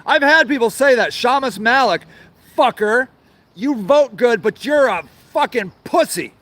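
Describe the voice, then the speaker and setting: His voice is high and animated, fairly bright, at a moderate pace with no echo. He hosts his own show from a garden outside, ranting furiously and sarcastically, full of curses and repetition.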